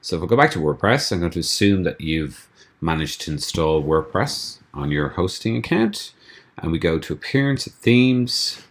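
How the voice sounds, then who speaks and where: A man from a theme company walking through a screencast tutorial, explaining steps in a relaxed way with frequent ums and restarts. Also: sits low, normal speed. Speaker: theme developer giving a tutorial.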